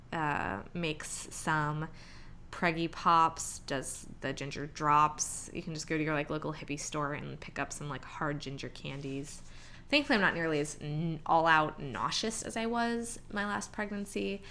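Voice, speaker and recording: A woman's voice: deep voice, unhurried, sharp tone, a little hiss or hum. A young woman chatting casually in a pregnancy vlog, full of "like" fillers, now and then acting out her own reactions. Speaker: vlogger.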